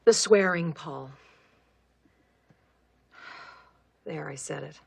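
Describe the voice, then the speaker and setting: A woman's voice: moderate pace, creaky, a little mellow, husky, full character voice. An actress playing a prim, doting middle-aged woman with a volatile temper, in a film scene. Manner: prim and sugary, then shrill and scolding. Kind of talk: film drama.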